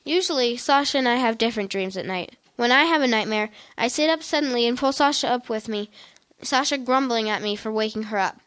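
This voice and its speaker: A woman reading a first-person story aloud in a plain, steady way. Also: on the high side, a little fast, clean tone.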